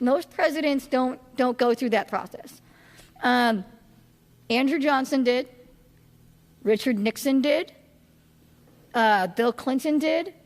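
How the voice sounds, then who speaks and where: Woman, political science instructor, high voice, casual classroom delivery with fillers and restarts, long reverb around her. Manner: chatty, many fillers and restarts, asks the audience questions. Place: classroom or lecture hall.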